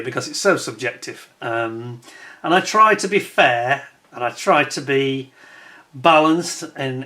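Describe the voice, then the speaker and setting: A man's voice: medium pitch, bright, forceful tone. A man hosting his own channel in casual chat to camera, chatty and self-deprecating, and he laughs often. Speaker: scale-model channel host.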